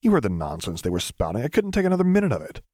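A man reading the part of a frank young male engineer who is tired of politicians, in a quick, exasperated way. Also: medium pitch, huge pitch swings, darkish tone, no echo, studio quality, voice pushed up.

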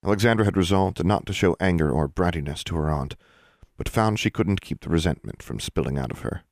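Male audiobook narrator, very low voice, dry close sound. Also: fairly quick, creaky, darkish tone, no echo. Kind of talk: scripted narration.

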